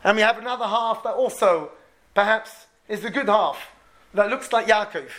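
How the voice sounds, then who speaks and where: Man, high-pitched, preaching through a story, animated, repeats words. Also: normal speed. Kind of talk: storytelling sermon.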